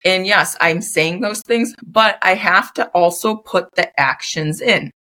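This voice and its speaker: A woman's voice: on the low side, unhurried, sharp tone. A young woman hosting her own podcast, talking loosely and unscripted with lots of "like" fillers. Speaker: podcast host. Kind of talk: casual solo podcast chat.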